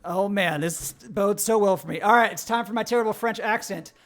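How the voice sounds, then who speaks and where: A man's voice: sits high, brisk. A man hosting a game stream, reading the story text aloud and chatting with players between passages. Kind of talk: game narration and casual chat.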